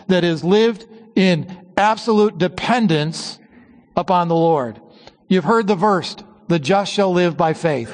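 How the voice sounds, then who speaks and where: High-voiced male preacher in a reverberant hall. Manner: slows and drops low on key phrases. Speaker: pastor. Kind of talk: sermon.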